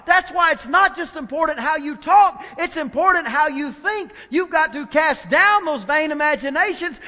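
A male pastor preaching a sermon, swinging from soft asides to loud, emphatic declarations. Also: very high voice. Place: church sanctuary. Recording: long church reverb.

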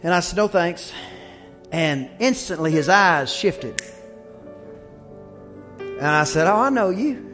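A man with a very high voice preaches a lively sermon and builds to shouts on his key points. Faint music plays behind him. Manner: preaching with rising shouts and quick asides. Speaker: pastor.

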